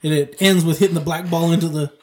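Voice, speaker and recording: A man co-hosting a podcast in casual chat, laid-back and quick to laugh, reviewing a movie. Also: fairly high pitch, steady tone. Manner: laid-back, laughs often, short replies. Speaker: podcast co-host.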